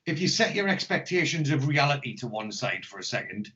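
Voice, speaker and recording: A man's voice: medium pitch, big pitch swings, brisk, bright, forceful tone. An English man co-hosting a podcast, chatting casually and rambling with lots of swearing and jokes. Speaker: podcast co-host. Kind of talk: casual chat. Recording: dull lo-fi podcast audio.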